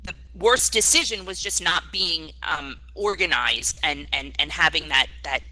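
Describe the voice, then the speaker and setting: Bright-toned woman giving earnest advice. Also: low voice, measured pace, low-quality recording. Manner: earnest advice, hesitant restarts. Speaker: real estate agent. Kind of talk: panel discussion answer.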